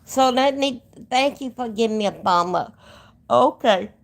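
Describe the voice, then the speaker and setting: A woman's voice: a little high, a little slow, gravelly. A woman hosting a casual livestream, rambling and talking straight to her viewers. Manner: rambling, talks to chat directly. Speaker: livestream host. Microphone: phone.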